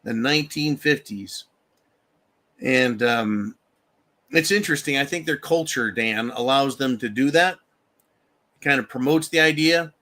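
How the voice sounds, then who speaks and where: A man's voice: medium pitch, unhurried, long pauses, sharp tone. A man hosting a live stream, talking to viewers in a fired-up, profane, repetitive way and calling them "folks.". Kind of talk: political live stream monologue.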